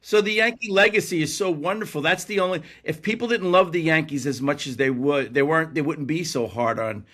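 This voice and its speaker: A man's voice: a little high, a little fast, hardly any pauses, a bit bright. A man hosting a podcast, chatting casually and enthusiastically as he reminisces. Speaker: podcast host.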